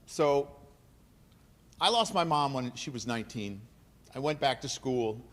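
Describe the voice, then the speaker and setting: An unhurried middle-aged man with a medium, slightly bright voice and lively intonation gives an emotional, earnest keynote speech at an awards dinner. He leans on repeated phrases for emphasis, and the recording reverberates through a large banquet hall.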